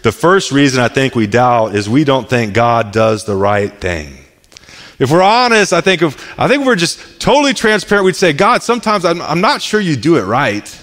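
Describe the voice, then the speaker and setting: A man's voice: mid-range voice, very animated, normal speed, a bit bright. A man in his thirties preaching a casual, conversational sermon, often repeating words as he restarts his sentences. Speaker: pastor. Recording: echoey hall.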